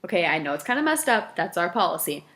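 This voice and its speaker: Animated woman telling work stories. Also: lowish voice, fast talker. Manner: animated, laughs often, acts out customers. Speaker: vlogger and former fast food worker. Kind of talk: casual storytelling to camera.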